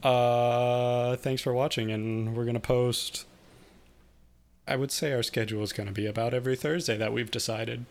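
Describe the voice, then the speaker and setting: A man's voice: mid-range voice, fairly even intonation, normal speed. Laid-back young man, podcast co-host. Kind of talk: casual podcast chat.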